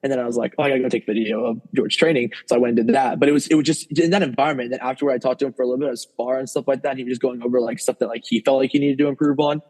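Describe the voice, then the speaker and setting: A man's voice: mid-range voice, steady tone, racing, few pauses, darkish tone, rough recording. A man co-hosting a podcast in casual chat, rambling with lots of fillers. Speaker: podcast co-host.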